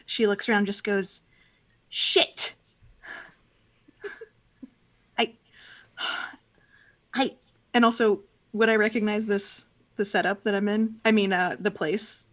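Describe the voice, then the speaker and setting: A woman playing a tabletop role-playing game, describing her character hesitantly with many pauses and ums. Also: medium pitch, fairly even intonation. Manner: hesitant, full of uh and um. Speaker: player.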